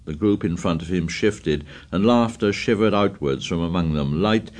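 A man reading a novel aloud in steady, scripted narration. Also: deep voice. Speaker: audiobook narrator.

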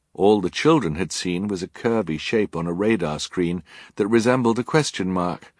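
A man's voice: low voice, dry recording. A man narrating an audiobook in a dry, wry storytelling manner.

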